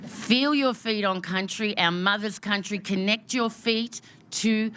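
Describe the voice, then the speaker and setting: A woman's voice: medium pitch, a little slow, a bit bright, slight background noise. An Australian woman speaking at an outdoor memorial gathering, giving a heartfelt, emotional welcome speech with rhythmic repeated phrases.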